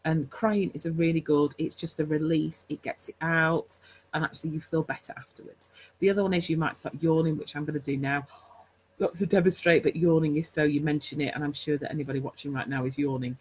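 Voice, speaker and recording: A woman's voice: sits low, steady tone, fairly quick, darkish tone, slight background noise, low-quality recording. A woman hosting a live stream, chatty and rambling, full of fillers and self-corrections as she teaches. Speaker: host.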